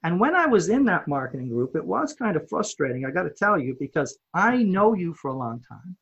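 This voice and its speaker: A man who owns a home improvement company, telling a story in a podcast interview with animated delivery, often repeating words as he builds it up. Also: a little high, brisk, vocal fry, breathy edge, lo-fi sound.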